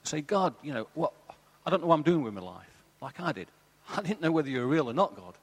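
Earnest man with a husky voice, giving his testimony in a reverberant church hall. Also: fairly high pitch, fast talker. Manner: earnest, storytelling, animated. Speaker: church panel guest. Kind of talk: live church testimony talk.

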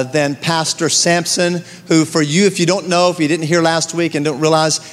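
Halting male pastor in a big church. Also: a little high. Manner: warm thanks, hesitant fillers. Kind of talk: church announcements. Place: large church sanctuary. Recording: long church reverb, faint crowd and noise.

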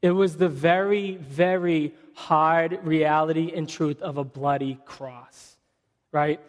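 A man's voice: on the high side, fairly even intonation, takes it slowly, in a large hall. A man preaching a sermon as a pastor, talking casually and reading scripture dramatically.

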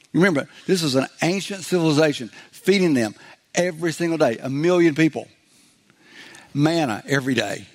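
Joking, conversational male preacher. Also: fairly high pitch. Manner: conversational, acts out biblical voices with humor; frequent fillers and restarts. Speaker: pastor. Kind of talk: sermon.

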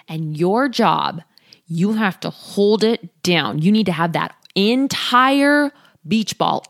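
A woman hosting a talk, coaching listeners in an earnest, expressive way and acting out their inner voices. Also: fairly low pitch, dry recording, clean studio sound. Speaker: podcast host, body image coach. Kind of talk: casual motivational talk.

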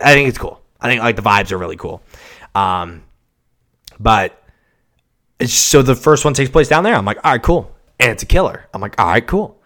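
A man hosting a solo casual podcast, rambling and swearing, swinging from mumbles to shouts, on a cheap home mic. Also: low voice. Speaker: podcast host. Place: home recording setup. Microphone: cheap mic without pop filter.

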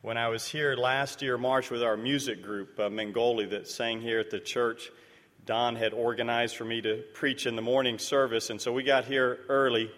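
Brief: man, mid-pitched, speaking as a missionary in a church, lively storyteller, reverberant hall sound. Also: moderate pace. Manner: storytelling, animated and earnest. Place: church sanctuary.

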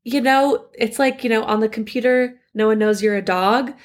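A woman in her thirties co-hosting a podcast, explaining in a relaxed, plain way and laughing easily. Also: a little high, moderate pace. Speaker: podcast co-host, crypto analyst. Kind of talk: casual expert chat.

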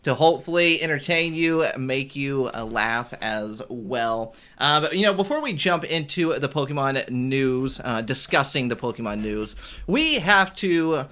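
Bright, lively podcast host. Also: medium pitch, unhurried. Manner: upbeat, rambling, easily laughing. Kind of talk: casual podcast chat.

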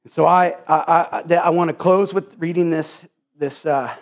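A man pastor preaching a sermon in an earnest, halting way, often restarting and repeating words. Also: a little high, fairly even intonation.

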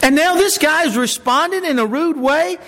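A male pastor preaching a sermon in a conversational way, with fillers and quick self-corrections. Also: very high voice, fairly bright tone. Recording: long hall reverb.

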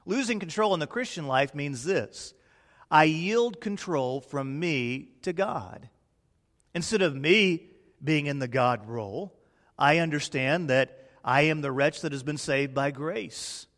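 A pastor preaching a sermon in a dramatic way, swinging from loud declarations to hushed, quiet lines. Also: male voice, a little high, animated, unhurried. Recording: long reverb in a large hall.

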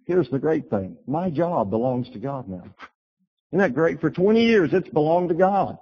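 Husky-voiced man preaching a sermon. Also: a little high, moderate pace. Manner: storytelling, animated bursts when quoting himself. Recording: dull lo-fi recording.

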